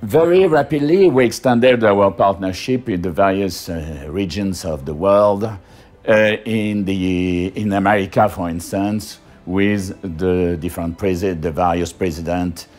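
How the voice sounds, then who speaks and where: A man's voice: deep voice, darkish tone. A man with a French accent, giving a hesitant interview testimony full of fillers and restarts. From France.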